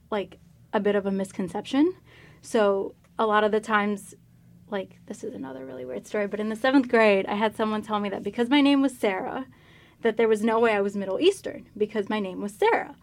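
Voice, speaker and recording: A young woman in casual conversation, chatty and rambling, full of fillers. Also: mid-range voice. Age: young adult.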